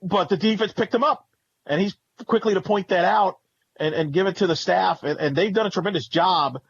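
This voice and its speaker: Husky man on a dull, lo-fi line. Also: high voice, fairly quick. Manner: lively, restarts sentences, upbeat. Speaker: podcast co-host. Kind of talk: sports talk podcast.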